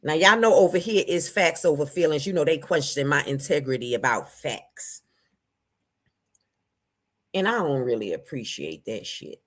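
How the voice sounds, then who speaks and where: Lively woman hosting a livestream. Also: moderate pace. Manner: lively, greets viewers by name, swings between loud and low. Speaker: livestream host. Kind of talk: casual livestream chat.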